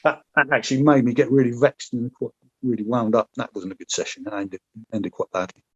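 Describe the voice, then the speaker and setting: A man talking in a frank, rambling way, swearing freely as he tells his story. His voice sits at an everyday middle pitch. The recording sounds a little muffled and dull. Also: fairly even intonation, a little fast, husky. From Britain. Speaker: podcast guest, former paratrooper. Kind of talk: casual interview chat.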